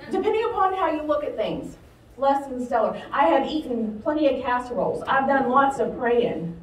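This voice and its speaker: A woman's voice: high-pitched, moderate pace. A woman pastor with a light Southern accent, preaching a chatty, humorous sermon. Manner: chatty, humorous, animated, laughing often. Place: church sanctuary. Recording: roomy sound from a distance.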